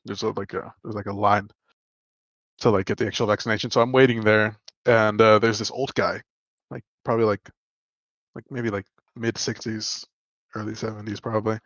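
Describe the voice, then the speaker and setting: A man's voice: on the low side, level tone, moderate pace, fairly bright tone, no echo, muffled recording. Rambling young man telling a story. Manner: rambling storyteller, many fillers. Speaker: podcast co-host. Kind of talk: casual chat.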